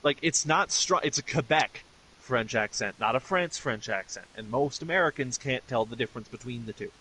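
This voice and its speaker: A man's voice: medium pitch, expressive, moderate pace, sharp tone, a little hiss or hum, rough recording. A middle-aged man streaming games, ranting bluntly and swearing freely in casual commentary. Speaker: gaming streamer. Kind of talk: casual commentary over gameplay.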